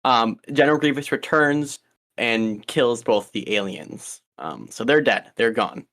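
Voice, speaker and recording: A man's voice: mid-range voice, expressive, a little slow, a bit bright. Rambling young man on a podcast. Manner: rambling, lots of ums and restarts. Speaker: podcast co-host. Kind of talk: casual chat.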